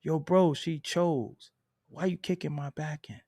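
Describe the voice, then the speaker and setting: A man's voice: a little high, fairly even intonation, measured pace, warm tone, no echo, studio quality. A man telling a story in a casual, profane and emphatic way, laughing between lines.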